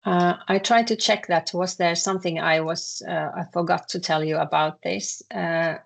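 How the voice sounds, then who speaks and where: A woman with a Finnish accent teaching a language lesson, speaking haltingly with many filler sounds and repeating words as she explains. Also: on the low side, fairly even intonation, creaky.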